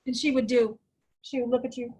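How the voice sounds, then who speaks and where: A middle-aged woman telling a personal story in an interview, animated and acting out the voices of people she quotes. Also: fairly high pitch, fairly quick, slightly rough. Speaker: guest.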